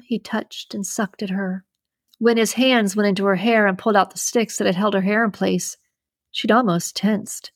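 A woman reads a steamy thriller novel aloud at an even, measured pace. Her voice sits in a middle register and sounds dry and close, with no room around it. It comes across as a podcast host's book reading. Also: mid-range voice, no echo. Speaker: podcast host and reader.

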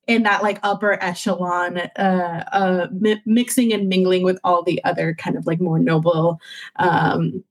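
Low-voiced woman, rambling podcast chat. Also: level tone, a little slow. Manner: rambling, heavy use of "like" and restarts. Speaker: podcast panelist. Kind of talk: casual chat.

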